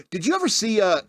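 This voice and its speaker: A man's voice: very high voice, a bit bright, breathy edge, dry recording, studio quality. A man hosting a radio podcast in a casual monologue, rambling and laughing often as he acts out the people he describes. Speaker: podcast host.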